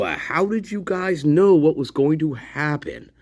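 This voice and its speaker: A man's voice: fairly high pitch, very animated, slow, darkish tone, no room sound, studio quality. A man hosting a casual livestream, sarcastic and profane, laughing often as he mocks. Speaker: livestream host.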